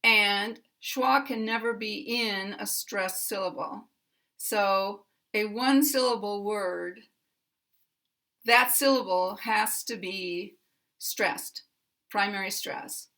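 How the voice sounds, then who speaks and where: A woman's voice: medium pitch, takes it slowly, bright, forceful tone. An American woman teaching pronunciation, explaining carefully and stretching stressed words to demonstrate them.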